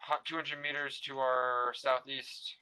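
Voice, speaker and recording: A man acting as squad leader, giving calm, steady radio reports with bearings and distances. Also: medium pitch, unhurried, crowd noise. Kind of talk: tactical radio callouts.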